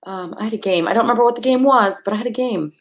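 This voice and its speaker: A young woman chatting casually on a podcast, telling stories in an animated, giggly way. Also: fairly high pitch, very fast. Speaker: guest, graphic artist.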